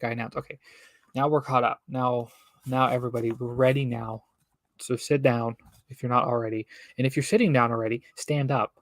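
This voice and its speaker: A man's voice: medium pitch, fairly even intonation, brisk, no room sound. A young man casually reading a children's book aloud on a stream, breaking off for bemused jokes. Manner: reads with joking, bemused asides. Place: home streaming setup.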